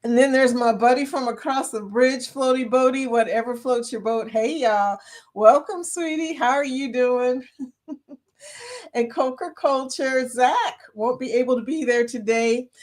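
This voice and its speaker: A woman's voice: on the high side, unhurried. A woman with a Southern US accent hosting a casual livestream, chatty, laughing often and greeting viewers by name. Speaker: livestream host.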